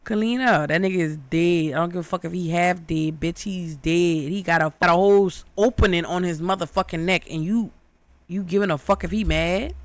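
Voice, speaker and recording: A young woman recapping a horror movie in loud, brash, profane comedic storytelling. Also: on the low side, a little fast, dry recording.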